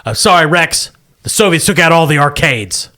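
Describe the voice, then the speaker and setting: A man voicing a gruff middle-aged Marine captain who briefs his team in clipped military orders during a tabletop game. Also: a little high, animated, moderate pace, sharp tone. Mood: matter-of-fact.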